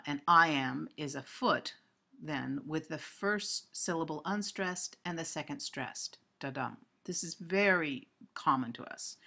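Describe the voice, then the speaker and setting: A woman's voice: deep voice, gravelly, sharp tone. A woman giving a recorded literature lecture, explaining step by step with frequent ums and self-corrections.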